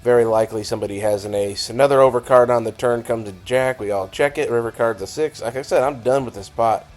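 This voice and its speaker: A hoarse man with a raspy, scratchy voice, narrating his poker hands in a casual, wry voice-over. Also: medium pitch, fast, faint music behind. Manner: casual, wry, self-deprecating. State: hoarse, dry scratchy throat. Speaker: poker vlogger.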